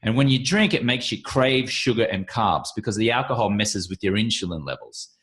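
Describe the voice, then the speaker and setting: A middle-aged Australian man, a podcast guest, talking in a brisk, confident, punchy way. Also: on the low side, lively intonation, fairly bright tone. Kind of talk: casual interview talk.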